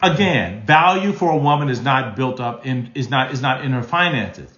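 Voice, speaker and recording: A man's voice: medium pitch, animated, moderate pace, fairly bright tone, echoey room, muffled recording. Emphatic folksy man in his sixties. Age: 60s. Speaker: marriage counselor answering live questions. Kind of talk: live stream Q&A.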